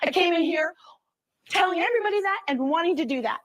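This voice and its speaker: A woman's voice: very high voice, expressive, fast talker. A middle-aged woman speaking in a heated, rambling, apologetic way to housemates, recorded from a distance. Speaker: reality show contestant. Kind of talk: emotional speech to housemates. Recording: roomy sound from off-mic.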